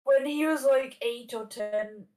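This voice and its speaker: A woman's voice: a little high, takes it slowly, darkish tone, far from the mic, poor audio. Rambling woman in her thirties, a bit off-mic. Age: 30s. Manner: rambling, many fillers and restarts. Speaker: podcast guest. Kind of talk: casual storytelling.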